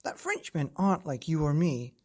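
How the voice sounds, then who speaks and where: A woman with a low, slightly husky voice reads a rhyming bedtime story. Her pitch swoops lively through the verse, and she is expressive and playful. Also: normal speed.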